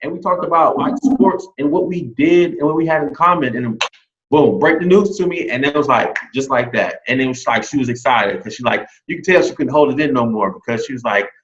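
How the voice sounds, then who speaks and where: Animated man telling his hiring story. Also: mid-range voice, fairly quick. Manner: animated, quotes others in lively re-enactments. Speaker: new teacher hire. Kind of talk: casual interview, storytelling. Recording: dull lo-fi sound.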